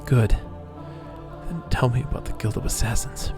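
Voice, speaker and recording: A man's voice: mid-range voice, normal speed, over music, lightly acted. A man reading the lines of a wary young squire who asks curt, suspicious questions.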